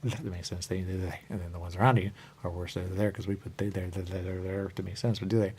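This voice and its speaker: A man hosting a radio show, talking in a rambling monologue that keeps repeating the same catchphrases and jumps suddenly up in pitch. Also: fairly even intonation, quick pace, a little mellow, a little hiss or hum.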